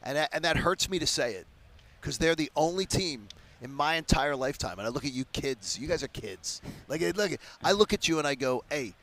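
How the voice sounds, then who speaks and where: A man in his fifties from the Philadelphia area appears as a guest on sports radio, telling stories with animated emphasis in a casual interview. His voice is a little high and his pace brisk.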